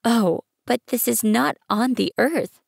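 A woman voicing a gentle, curious young boy prince in an audiobook, asking questions in a soft, wondering way. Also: a little high, slow, gravelly, slightly rough, no echo, studio quality, pitched above the performer's own voice, heavily acted. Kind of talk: audiobook reading.

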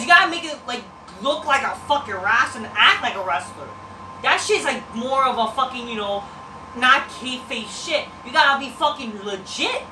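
A man's voice: extremely high pitch, pushed and bright. A man giving a casual, rambling, profane review of a wrestling show, dismissive and full of fillers. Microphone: distant mic. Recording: roomy distant mic with background noise.

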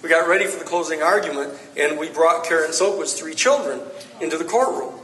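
Guy telling stories at a book talk, kinda high voice, echoey and far off from the mic. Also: fairly quick. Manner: animated anecdotes, acts out quoted lines. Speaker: author giving a book talk. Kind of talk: storytelling talk to a live audience. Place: bookstore event space. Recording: roomy echo from far off.

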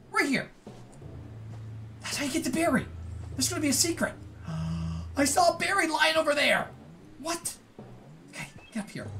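Woman gamer, high bright voice, unhurried excited commentary. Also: slight background noise. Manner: exclaims and laughs often while playing. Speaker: gaming let's-player.

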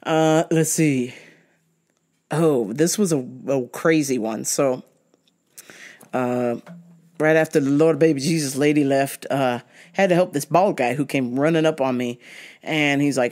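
A woman's voice: deep voice, normal speed, darkish tone. A woman podcast host telling comic stories in a profane, exasperated way. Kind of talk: comic storytelling.

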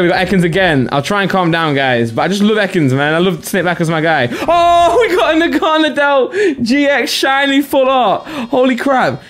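A young man hosting his channel, giving excited commentary on opening card packs and shouting when he gets good pulls. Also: fairly high pitch. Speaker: host. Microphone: desk microphone with green screen.

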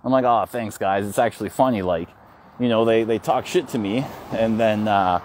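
A man's voice: fairly low pitch, moderate pace, darkish tone, slight background noise. A man vlogging while walking his dogs down a city street, telling a story frankly and with feeling, with swearing and restarts, into a phone he holds. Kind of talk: casual walk-and-talk vlog.

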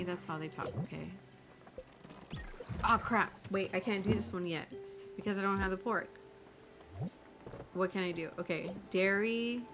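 Excitable young woman playing a game. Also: mid-range voice. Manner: excitable, swears freely, gasps and exclaims. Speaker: gaming streamer. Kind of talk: casual gameplay commentary. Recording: game music loud behind voice. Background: game music.

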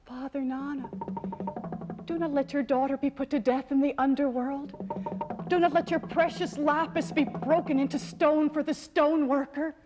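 A woman's voice: sits high, completely flat delivery, normal speed, hardly any pauses, in a large hall, over music, close to an everyday voice. Woman doing a servant woman begging, raised urgent voice. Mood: pleading. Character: loyal female servant, desperate pleading.

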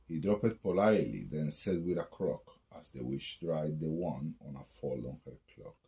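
A man's voice: a bass voice, normal speed, gravelly, hardly any pauses, dark tone. A man reading a rhyming picture book aloud at bedtime in a sing-song storytelling way.

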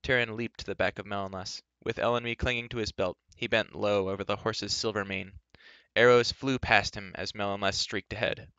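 Man, low clear voice, reads a novel aloud in even storytelling, dry dull lo-fi sound. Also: a little fast, no echo. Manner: steady storytelling with occasional word slips. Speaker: reader. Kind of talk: reading a fantasy novel aloud.

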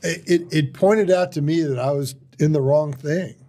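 A middle-aged man, a surgeon, telling stories in casual chat, halting with restarts and quoted dialogue. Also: fairly high pitch, mellow. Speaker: surgeon guest.

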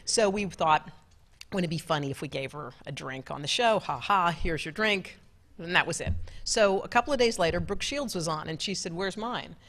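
A middle-aged woman, a television co-anchor, telling stories to an event audience in a lively, laughing, chatty way. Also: on the low side, moderate pace. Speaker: television co-anchor giving a talk. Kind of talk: storytelling talk with audience Q&A. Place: large club event room.

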